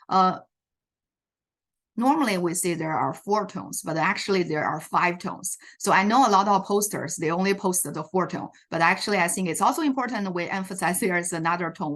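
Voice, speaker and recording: A Chinese language teacher, medium-pitched and a bit bright, presents teaching strategies on a video call as part of an online teacher workshop. She explains as she goes, frequently filling pauses and correcting herself.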